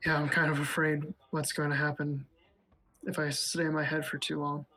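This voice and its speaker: A player in a tabletop role-playing game narrates their own character in the first person. The delivery is subdued and brooding, and the pitch stays flat and monotone throughout. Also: moderate pace, low-quality recording.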